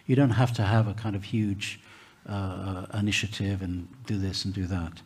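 A man speaking on a conference panel, halting with many restarts and fillers. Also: sits low, fairly even intonation, a little mellow, breathy edge. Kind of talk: panel discussion.

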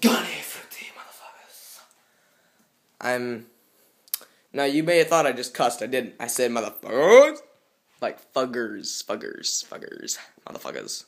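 A man's voice: medium pitch, fairly bright tone. A young man rambling goofily in a casual vlog at home, self-aware and jumping between topics, filming on a handheld phone. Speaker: vlogger. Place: at home, indoors.

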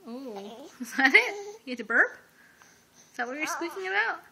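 A woman's voice: high-pitched, sing-song, moderate pace, gravelly, crowd noise. A woman filming her baby on a phone, coaxing and teasing it to roll over in casual home-video talk. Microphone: phone camera.

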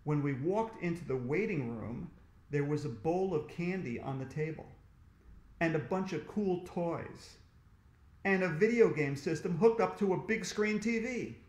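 A man's voice: fairly high pitch, unhurried, reverberant. Man reading a storybook aloud. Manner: animated, expressive reading. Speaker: author reading to children.

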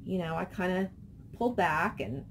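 A woman's voice: fairly low pitch, lively intonation, normal speed, a little hiss or hum. A middle-aged woman vlogging casually, rambling and reading viewer comments aloud. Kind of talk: casual chat.

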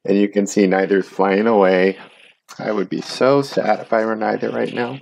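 A man serving as guest minister, telling a story for all ages during a worship service and making warm, animated asides to the children. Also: lowish voice, normal speed, gravelly.

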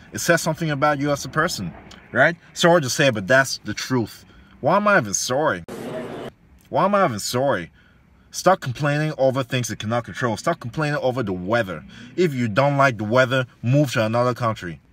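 A man's voice: mid-range voice, a bit bright, no echo. A man, an online fitness coach, giving a preachy motivational monologue full of repeated lines, slang and rhetorical questions.

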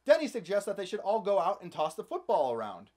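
A man's voice: high-pitched, huge pitch swings, quick pace, a little mellow. A man hosting a comedic movie recap, narrating with sarcastic, playful asides. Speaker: host.

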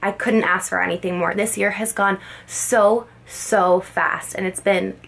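A young woman talking as a mother to her baby son, tender and emotional, with halting words, recorded in a closet at home. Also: medium pitch, steady tone, gravelly, a bit bright. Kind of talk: heartfelt personal video message.

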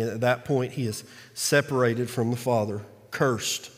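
A man's voice: mid-range voice, fairly even intonation, moderate pace, few pauses. Man preaching in a reverberant hall. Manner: conversational preaching, dramatizes scripture quotes. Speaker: pastor. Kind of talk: sermon. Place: church sanctuary. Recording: long reverb of a large hall.

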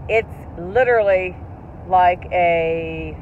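A woman's voice: fairly low pitch, takes it slowly. A middle-aged woman co-hosting a casual vlog from inside a car, chatty and laughing often. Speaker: vlog co-host. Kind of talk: casual chat while driving. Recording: tinny phone-like sound, faint road noise.

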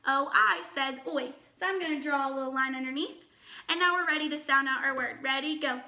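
A woman teaching a children's phonics lesson, upbeat and encouraging, sounding out words slowly and clearly. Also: high voice, pushed and bright.

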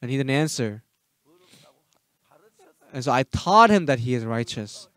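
A man preaching a sermon as pastor, emphatic, firing rhetorical questions at the congregation and swinging between loud urging and soft asides. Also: medium pitch, expressive, measured pace, no room sound.

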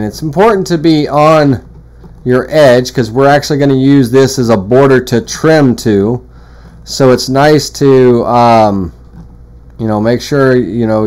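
A man walking through a woodworking software tutorial in a casual, rambling way, full of fillers and restarts. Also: medium pitch, clean tone. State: has the hiccups. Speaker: CNC woodworking instructor. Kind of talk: screen-recorded software tutorial.

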